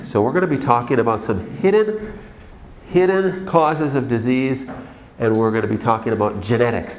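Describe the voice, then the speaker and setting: A man's voice: medium pitch, normal speed, slight background noise, low-quality recording. A man with a Minnesotan accent, a doctor giving a conference presentation to a live audience, chatty and self-deprecating with many fillers.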